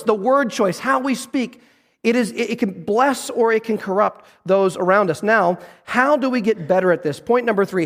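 A man preaching a sermon as pastor, earnest and emphatic, slowing down to stress key phrases. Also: high voice, big-room sound. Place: church sanctuary on a stage.

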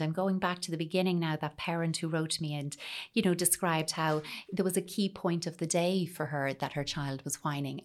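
Calm lady with a low voice talking parents through whining kids. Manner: calm, reassuring, acts out child voices briefly. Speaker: parenting coach. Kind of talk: advice talk.

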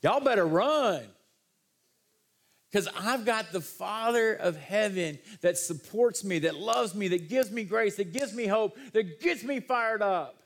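Gravelly pastor preaching. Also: male voice, high voice, unhurried, hardly any pauses. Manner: animated, folksy, rising to excited outbursts. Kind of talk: sermon.

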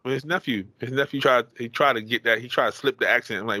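A man's voice: medium pitch, fast talker, bright, forceful tone, no room sound, rough recording. A young man co-hosting a podcast, teasing and joking in a laid-back way. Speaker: podcast co-host. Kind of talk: casual hip-hop podcast banter.

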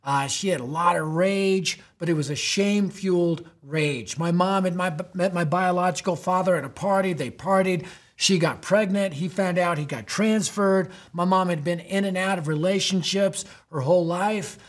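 A man's voice: sits high, normal speed. A man hosting a youth ministry podcast, teaching emphatically in a preaching style, with rhetorical questions and frequent "right?".

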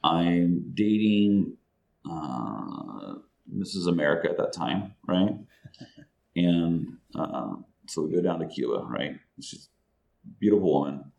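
Deep-voiced man telling a story. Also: takes it slowly, gravelly, highs cut off, a little hiss or hum. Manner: animated, profane, laughing as he tells a story. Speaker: guest, entrepreneur. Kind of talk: casual storytelling.

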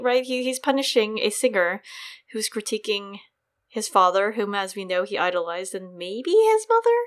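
A young woman talks through the episode with her co-host in an easy, animated way. She laughs a lot, and her voice leaps higher whenever she jokes. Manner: animated, laughs often, pitch jumps when joking. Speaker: podcast co-host. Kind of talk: casual chat.

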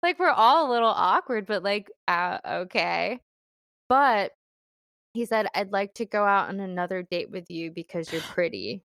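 Chatty young woman, smooth dry voice. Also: mid-range voice, animated, moderate pace, fairly bright tone, no echo. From Philippines. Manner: chatty storytelling, lots of fillers and laughs. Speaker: guest telling a dating story. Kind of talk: casual chat.

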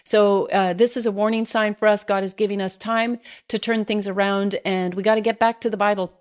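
A Canadian woman hosting an online show, talking earnestly to her viewers with many pauses and fillers. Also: mid-range voice, level tone. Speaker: host. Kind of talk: direct-to-camera commentary.

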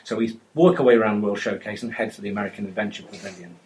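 A man's voice: lowish voice, steady tone, very fast, darkish tone, a little hiss or hum. Rambling British man telling a story. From Britain. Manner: rambling, self-mocking, many fillers. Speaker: fan telling a story at a meetup. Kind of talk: casual storytelling to a live audience.

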